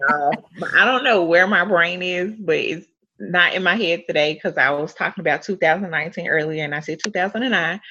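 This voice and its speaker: A young woman co-hosting a podcast in casual chat, animated, with playful exaggeration. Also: lowish voice, slightly rough. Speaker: podcast co-host. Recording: dull lo-fi sound.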